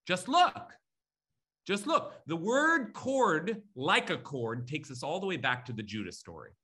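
A Torah teacher with a high, bright, sing-song voice delivers an animated lecture on the Bible at a moderate pace. He keeps repeating key words for emphasis, reads Hebrew terms aloud, and thinks out loud with fillers and self-corrections.

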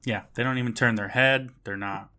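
A man's voice: mid-range voice, steady tone, a little fast, bright, forceful tone, smooth. A man co-hosting a podcast, retelling a TV episode's plot in casual chat with wry, joking asides. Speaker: podcast co-host.

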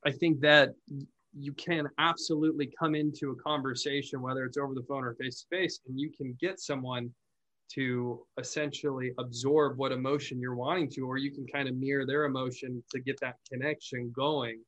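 A man hosts a casual podcast conversation about phone sales. He talks in a loose, explanatory way and often circles back to restart his sentences. His voice sits at an ordinary middle pitch. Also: a little fast, muffled recording. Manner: relaxed, explanatory, repeats and restarts words. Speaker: podcast host, call center owner.

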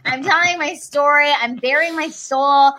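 A woman comedian, guest on an interview show, tells her stories casually and animatedly, acting out what people said. Her voice is high and her pace moderate.

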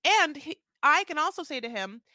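A woman's voice: sits high, moderate pace, no room sound, clean studio sound. Gossipy, crude podcast woman. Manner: animated, gossipy, crude joking, acts out quotes. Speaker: podcast co-host. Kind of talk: casual recap chat.

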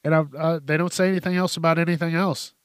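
A man's voice: on the high side, flat delivery, fast talker, clear, resonant tone, no echo, studio quality. Profane, blunt man ranting on a podcast. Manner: profane, blunt, laughs often. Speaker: podcast host. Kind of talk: casual solo rant.

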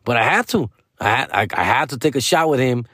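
A middle-aged man hosts a comedy podcast and tells a loose, profane story, peppering it with street slang and Spanish asides. His voice sits at an ordinary middle pitch, and it sounds dry and close. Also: animated, a little fast, bright, forceful tone, husky, no room sound.

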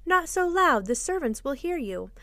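A woman voicing a gentle, anxious young mother who speaks softly and pleadingly. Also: a little high, animated, normal speed, no room sound, studio quality, close to an everyday voice. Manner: soft and pleading.

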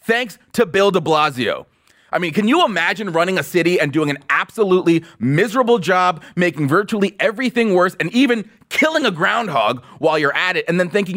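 A man hosting an opinion podcast, talking in a sarcastic, mocking and animated way. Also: sits high, a little fast. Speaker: podcast host.

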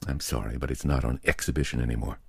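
A man's voice: rumbling low, steady tone, fast talker, creaky, husky, dry recording, clean studio sound, full character voice. A man voicing an irritable, stubborn male writer who speaks curtly and harshly, slipping into flustered apologies.

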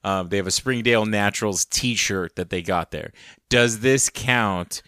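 A man co-hosting a podcast in casual chat, laid-back and quick to laugh. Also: on the low side, bright, forceful tone, no echo, clean studio sound. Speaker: podcast co-host.

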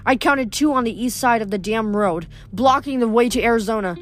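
A woman's voice: a little high, brisk, a little hiss or hum. Woman reading a novel aloud. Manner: first-person narration with frequent stumbles and self-corrections. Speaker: audiobook reader.

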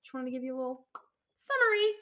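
Bright-voiced giggly young woman podcaster. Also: high voice, sing-song, fast talker. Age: young adult. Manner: giggly, rambling, full of fillers. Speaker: podcast co-host. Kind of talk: casual chat.

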